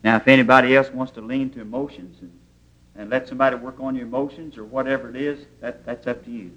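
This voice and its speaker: A man preaching in a church, a mid-pitched voice that tells folksy stories with homespun grammar. The sound is dull and lo-fi, like an old sermon tape. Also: fairly even intonation, quick pace, a bit bright. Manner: folksy storytelling preaching, plain rural grammar.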